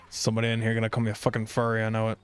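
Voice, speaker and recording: A man's voice: fairly low pitch, clean tone. A man streaming a video game, grumbling and swearing in a rambling, irritable running commentary. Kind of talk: casual gameplay streaming commentary.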